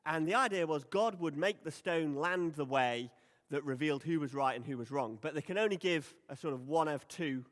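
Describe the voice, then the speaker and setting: A man's voice: fairly high pitch, normal speed. A man preaching a sermon in a conversational, emphatic way. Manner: conversational, emphatic, acts out quoted lines. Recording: long hall reverb.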